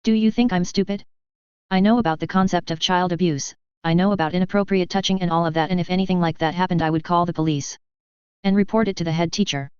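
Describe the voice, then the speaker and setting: Young boy, sharp and prickly, voiced by a woman, lowish clear voice, dry dull recording. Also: fairly even intonation, fast talker, no echo, natural voice. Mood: furious. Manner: argumentative, lecturing, rising to shouting fury. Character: an eleven-year-old boy, clever and proud, quick to anger.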